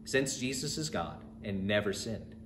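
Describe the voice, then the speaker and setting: With a fairly low pitch and lively intonation, a man from a church unhurriedly recounts a bedtime Bible story, earnestly preaching its lesson right to the children. Background noise and a roomy echo fill the recording.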